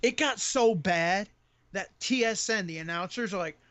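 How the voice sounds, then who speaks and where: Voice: medium pitch, moderate pace, a bit bright. A podcast co-host in casual live-stream chat, ranting with exasperation and plenty of swearing. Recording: dull lo-fi audio.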